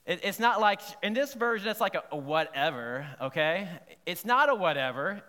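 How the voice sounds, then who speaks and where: Bright-voiced man preaching in a reverberant hall. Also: high voice, moderate pace. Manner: lively, conversational, checks in with the congregation. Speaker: pastor. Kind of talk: sermon. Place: church sanctuary.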